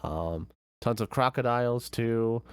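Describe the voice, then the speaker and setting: A man's voice: medium pitch, measured pace, clean tone, no room sound. A young man streamer telling a vacation story in casual, rambling chat with many fillers.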